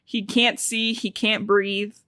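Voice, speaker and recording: A woman's voice: mid-range voice, level tone, takes it slowly, sharp tone, clean tone, no room sound, studio quality. A young woman co-hosting a podcast, casually retelling a book's plot with swearing and emotion. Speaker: podcast co-host. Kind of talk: casual book recap chat.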